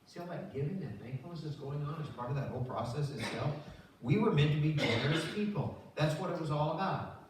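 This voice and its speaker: A man's voice: fairly high pitch, a little fast, distant mic, background noise. An older male pastor giving a conversational sermon, telling stories and acting out the voices in them. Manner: conversational, animated storytelling with acted-out voices. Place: church sanctuary. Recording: very echoey church recorded from afar.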